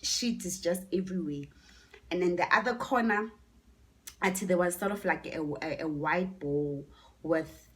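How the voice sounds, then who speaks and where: A woman with a South African accent tells a story in a casual vlog, chatty and animated, mixing languages and dropping into whispered asides. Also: fairly low pitch, normal speed. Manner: chatty, switching between English and Zulu, animated with whispered asides. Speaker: YouTuber telling a story.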